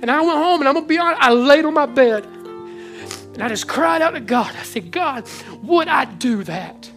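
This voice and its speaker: A male pastor delivers a sermon to a congregation in a church. His voice swings from hushed, intimate storytelling to loud, fervent preaching, with soft instrumental music playing faintly underneath. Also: extremely high pitch, brisk. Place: church hall before a congregation.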